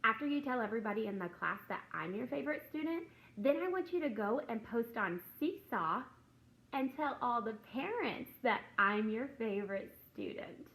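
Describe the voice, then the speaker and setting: A woman's voice: a little high, animated, moderate pace, fairly bright tone, poor audio. A woman who teaches and hosts a faith talk, chatting casually and acting out classroom conversations as she tells a story. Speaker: teacher and Christian video host. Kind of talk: casual devotional talk to camera.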